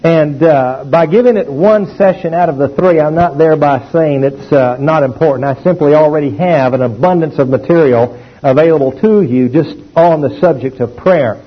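A man preaching a sermon, emphatic and animated, calling on the congregation to repeat after him. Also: a little high, normal speed, husky. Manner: emphatic, animated teaching with call-and-response. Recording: dull lo-fi old recording.

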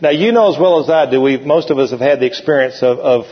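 A male pastor preaching a sermon in a church, folksy and animated, leading the congregation in call-and-response. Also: medium pitch, fast talker, husky. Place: church sanctuary. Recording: lo-fi church recording with long hall reverb.

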